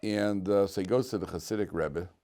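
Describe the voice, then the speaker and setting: Animated rabbi teaching a casual class. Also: male voice, low voice, brisk. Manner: conversational, animated, repeats words when thinking. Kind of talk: informal Torah lesson with storytelling. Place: classroom with students.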